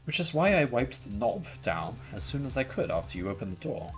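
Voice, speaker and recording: A man's voice: medium pitch, very animated, brisk, faint music behind, lightly acted. A man reading the lines of a smug, evasive male suspect in a game, in a taunting, self-satisfied manner.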